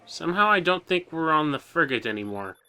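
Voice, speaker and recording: A man's voice: fairly high pitch, very animated, brisk, pushed and bright, clear, resonant tone, faint music behind. A young man co-hosting a video game let's play, chatting casually and sounding tired, with stammered restarts. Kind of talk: casual gameplay chat.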